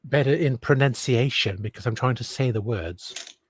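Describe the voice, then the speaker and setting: A man's voice: mid-range voice, moderate pace, husky. A man from the United States talking in a casual, rambling, self-deprecating way as a streamer, laughing between thoughts.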